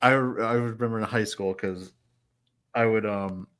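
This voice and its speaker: A man co-hosting a casual podcast chat, relaxed and often laughing as he talks. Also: fairly low pitch, moderate pace. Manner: relaxed, laughs while talking. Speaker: podcast co-host.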